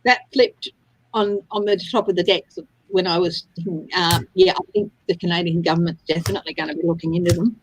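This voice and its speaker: A woman's voice: lowish voice, fairly quick, slight background noise, rough recording. A woman from Australia hosting a casual tarot reading livestream, chatting and laughing often. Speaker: tarot reader livestream host.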